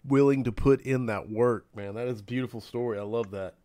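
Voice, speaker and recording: A man's voice: medium pitch, a little fast, dark tone. A man hosting a casual chat, giving short enthusiastic reactions and reading out audience questions. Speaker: host.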